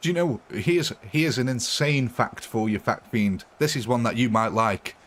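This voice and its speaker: A man's voice: medium pitch, moderate pace. A man casually chatting with viewers during a live stream, rambling and laughing often.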